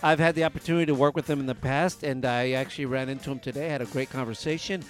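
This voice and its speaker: A man's voice: mid-range voice, steady tone, fast talker, soft background music. A middle-aged man co-hosting a radio show, upbeat and emphatic, repeating names for effect in casual banter.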